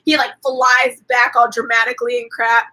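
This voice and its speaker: High, husky-voiced woman recapping a movie. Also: little pitch movement, moderate pace, pushed and bright, poor audio. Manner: chatty, profane, lots of "like" fillers. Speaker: host. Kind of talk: casual movie recap on a livestream.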